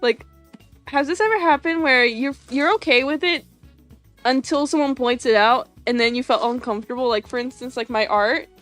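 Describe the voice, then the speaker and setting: A woman's voice: high-pitched, moderate pace, a bit bright. A young woman chatting casually on a livestream while she draws, rambling with lots of fillers, restarts and giggles. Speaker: animation streamer. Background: faint music.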